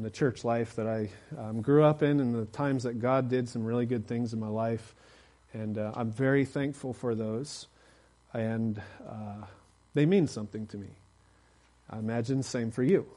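A man preaching a sermon in a relaxed, conversational way, often pausing on fillers. His pitch sits in the middle range. At high points he presses harder and gets louder. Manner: conversational, rising to emphatic exhortation.

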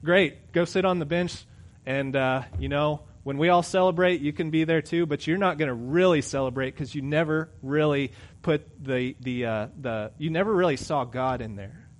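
In a sermon that feels like conversation, the middle-aged pastor shifts between forceful, loud lines and quiet asides. He speaks at a normal speed in a fairly high male voice.

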